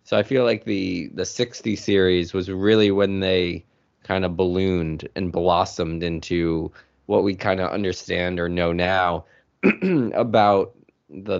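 A man's voice: deep voice, little pitch movement, measured pace, creaky, no room sound. A man co-hosting a car podcast in casual, laid-back chat, his voice groggy. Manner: laid-back, lots of "you know". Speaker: podcast co-host. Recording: muffled lo-fi audio.

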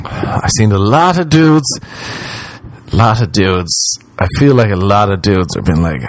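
Male comic, low-set voice, exasperated profane rant with mocking impressions. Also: lively intonation, unhurried, slight background noise. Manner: profane, exasperated, mimics people in quoted voices. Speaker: comedian.

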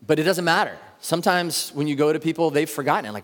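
A man in his thirties preaching a sermon in a church, talking in a conversational way and slowing down to stress key words. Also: on the high side, a bit bright. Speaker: pastor. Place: church sanctuary. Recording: reverberant church hall.

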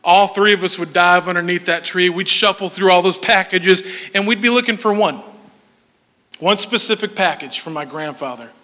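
A man in his forties telling comic stories on stage, animated and laughing through his punchlines. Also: high voice, moderate pace. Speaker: stand-up comedian. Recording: long hall reverb.

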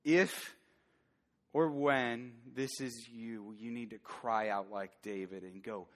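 A man's voice: mid-range voice, fairly even intonation, takes it slowly. A man preaching a sermon as pastor, earnest and building to fervent emphasis. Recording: long church hall reverb.

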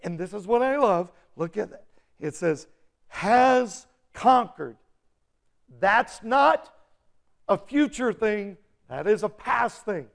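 A man preaching a sermon in a high, gravelly voice. He speaks slowly and leaves room between phrases. His delivery is emphatic and now and then builds to an intense burst. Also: animated. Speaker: pastor.

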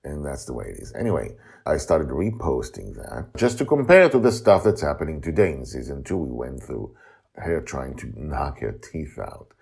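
A man's voice: very deep voice, very animated, moderate pace, vocal fry, a little mellow, husky. A man hosting a podcast, telling a storybook tale in a rambling, casual way with asides. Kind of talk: casual chat and storybook narration.

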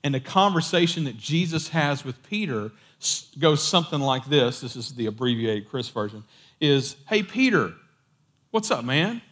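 A man's voice: medium pitch, moderate pace, a bit bright. Casual storytelling male preacher. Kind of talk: sermon.

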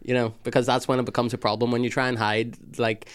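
Young male podcast guest, relaxed and sweary. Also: mid-range voice, quick pace, clean tone. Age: young adult. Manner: laid-back, sweary, self-deprecating. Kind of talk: casual chat.

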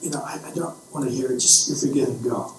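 A man's voice: mid-range voice, fast talker, slight background noise, pitched below the performer's own voice, lightly acted. A man voicing a weary, sarcastic male God on a throne, exasperated and stammering, heard in a very echoey room from a distant mic.

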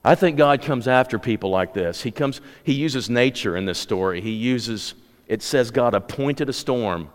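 A man's voice: medium pitch, expressive, normal speed. A man preaching a sermon, conversational at times and rising to impassioned exhortation. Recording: long hall reverb.

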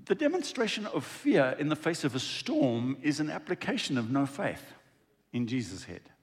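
Animated preaching man, lively pitch. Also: moderate pace. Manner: animated, conversational preaching with acted-out dialogue. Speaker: pastor. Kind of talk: sermon. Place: church.

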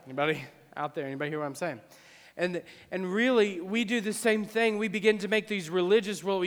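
A male pastor preaching a sermon, repeating his phrases and swinging between hushed and loud passages. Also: high voice, fairly quick, big-room sound.

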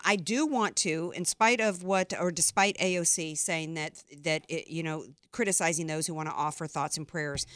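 A woman's voice: mid-range voice, a bit bright, no echo. A woman hosting a political talk radio show in a studio, talking in a rambling, chatty way with frequent restarts. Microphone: studio microphone.

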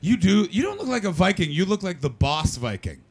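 A man's voice: sits high, fairly quick, very noisy. A man doing stand-up comedy in a small club, telling profane stories and teasing the crowd. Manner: brash, profane, animated storytelling. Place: comedy club cellar venue.

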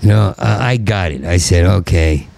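A man's voice: sits low, moderate pace, gravelly, darkish tone, poor audio. A middle-aged man with a heavy stutter, delivering a rambling, bitter stand-up monologue. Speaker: stand-up comedian.

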